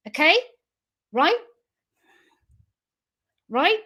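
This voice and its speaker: A woman's voice: high-pitched, lively intonation, moderate pace. A woman giving an impassioned monologue straight to her audience, accusatory and emotional, firing off rhetorical questions. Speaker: founder giving a public address. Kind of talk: impassioned direct-address monologue.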